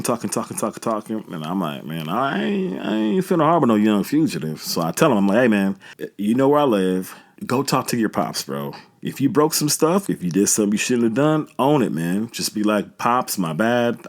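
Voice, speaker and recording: A man in his thirties, a podcast host, telling a true story in a relaxed, chatty, slangy way. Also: lowish voice. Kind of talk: casual storytelling.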